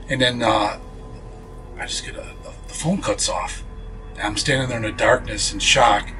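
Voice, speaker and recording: Man, paranormal investigator, interview guest, earnest storytelling, mid-range pitch, faint background music. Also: fairly bright tone, rough recording. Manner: earnest storyteller, frequent fillers and restarts. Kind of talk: telling a ghost story in an interview.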